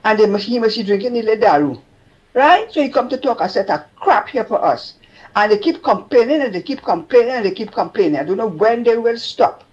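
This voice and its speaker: A Trinidadian caller phones in to a talk show, chatting and scolding in a rambling way. The voice sits in a middle pitch. The line sounds a little muffled. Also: lively intonation, quick pace. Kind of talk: call-in radio chat.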